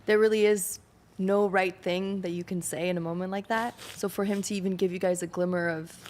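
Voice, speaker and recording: A woman co-host speaking softly and reflectively in a casual chat. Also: mid-range voice, fairly even intonation, a little fast. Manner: soft, reflective, faith-centered.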